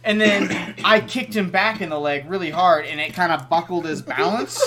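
A young man, a podcast guest, telling a school story in animated, laughing casual chat and swearing freely. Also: high-pitched, normal speed, very noisy.

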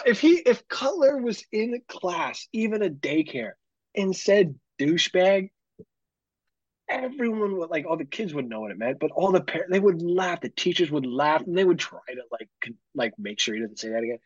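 A man's voice: high voice, very animated, moderate pace, breathy edge, no room sound, muffled recording. A man hosting a podcast, chatting casually and animatedly, swearing freely and laughing often. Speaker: podcast host. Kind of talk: casual chat.

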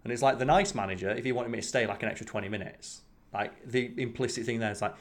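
A man in casual chat, telling work stories in an animated way and acting out his old bosses, with plenty of swearing. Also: medium pitch, quick pace. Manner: animated storytelling, acts out quoted bosses; swears freely.

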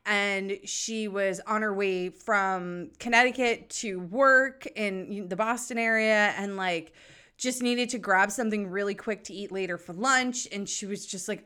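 A woman's voice: mid-range voice, unhurried, pushed and bright, smooth. A woman podcast host with a New England accent, chatting casually and cheerfully, swearing now and then, her voice stuffy and nasal from allergies. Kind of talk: casual chat.

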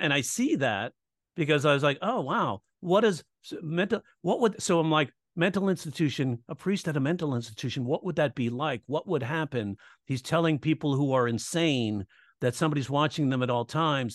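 A man's voice: medium pitch, dry recording, clean studio sound. A man coaching comedy writing in a casual interview, explaining in a teaching tone and acting out audience reactions and quoted lines. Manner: teaching tone, checks in with "right?".

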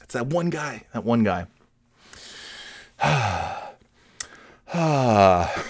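A man's voice: mid-range voice, sing-song, drawn-out words, pauses often, dry recording. A young man hosting a podcast, telling rambling, profane stories with self-deprecating humor on a studio mic. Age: young adult. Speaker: podcast host. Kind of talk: casual storytelling.

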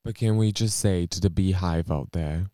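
Young man, low voice, smooth, emphatic, dry close sound. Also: moderate pace, dark tone, no echo. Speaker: podcast co-host. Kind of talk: casual chat.

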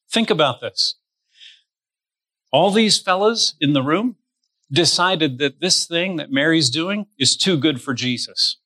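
Slow, bright-voiced man preaching. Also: fairly high pitch, expressive, dry recording. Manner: emphatic preaching, drawn-out stressed words; addresses listeners directly. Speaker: pastor. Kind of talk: sermon.

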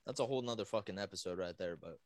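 Racing through his stories, this young man co-hosts a podcast and spins casual, profane tales, performing the voices of the characters. He has a low voice, and the recording is very noisy.

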